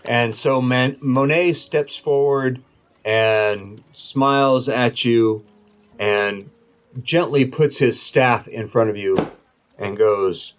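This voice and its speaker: A man narrating a tabletop game as game master, in a slow, measured way with pauses. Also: mid-range voice, fairly even intonation.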